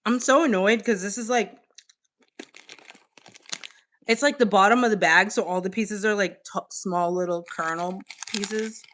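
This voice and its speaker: A woman's voice: medium pitch, moderate pace, fairly bright tone, a little hiss or hum. A woman streamer in casual livestream chat with viewers, playful and teasing, with casual swearing, snacking while she talks.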